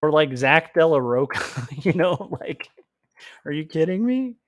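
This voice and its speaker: A man's voice: on the high side, sing-song, unhurried, no room sound, clean studio sound. A man chatting casually on his livestream while he draws comics, rambling, laughing often and filling his talk with "like". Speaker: comics artist livestreaming his drawing work.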